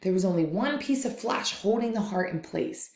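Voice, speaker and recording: Lively storytelling woman in an echoey room. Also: mid-range voice, moderate pace. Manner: expressive, lively read-aloud. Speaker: teacher. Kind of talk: storytelling for a lesson.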